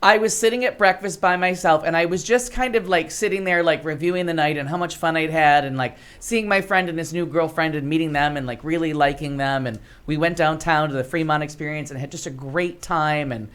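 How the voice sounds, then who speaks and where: An American woman co-hosting a podcast talk show tells a long story in casual chat, speaking briskly in a low-pitched voice with hardly any pauses. She's an animated storyteller who fills everything with "like."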